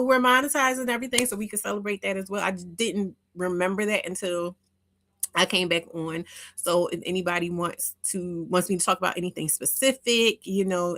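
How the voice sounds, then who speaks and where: A woman's voice: mid-range voice, fairly bright tone, no echo, clean studio sound. A woman hosting an informal live chat with listeners, talking in a rambling, heartfelt way full of restarts. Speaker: host of a live audio chat room.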